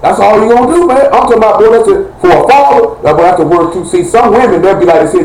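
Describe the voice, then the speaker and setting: A man's voice: sits high, sing-song, fast talker, hardly any pauses, darkish tone. A man preaching a fiery live-streamed sermon in a heated, blunt and rambling colloquial way. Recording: echoey room with faint noise.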